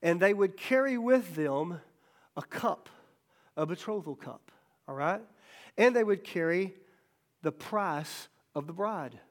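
High-voiced folksy man preaching. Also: lively intonation, slow pace, long pauses. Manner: folksy, joking, asks "okay?" and "right?" often; acts out quoted voices in stories. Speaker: pastor. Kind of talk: sermon.

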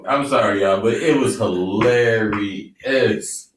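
A man co-hosting a podcast in casual chat, who keeps giggling and apologizing for laughing. His voice sits low. He is heard from some distance off the mic, in a roomy space. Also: slow pace. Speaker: podcast co-host.

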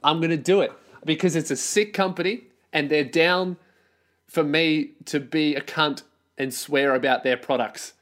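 A young Australian man hosting a solo podcast from his bedroom, ranting loudly and swearing as he mocks his targets. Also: on the high side, normal speed. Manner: profane, mocking, loud ranting. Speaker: podcast host.

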